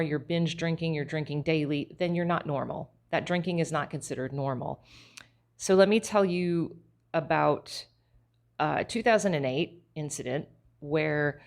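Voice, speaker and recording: Podcast host, woman, middle-aged, low and frank, storytelling monologue. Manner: candid, confessional, laughs at herself.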